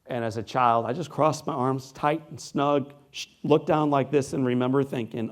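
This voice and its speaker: A man in his forties gives an inspirational keynote speech from a stage, telling his own story. He has a mid-pitched voice and swings from quiet, slow moments to loud, punchy lines. His dramatic pauses carry the story. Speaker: keynote speaker. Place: large hall before a live audience.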